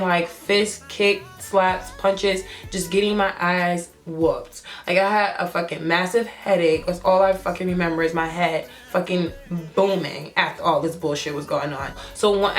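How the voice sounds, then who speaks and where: A young woman vlogger telling a storytime, animated and profane, acting out the quotes she retells. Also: medium pitch. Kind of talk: storytime vlog.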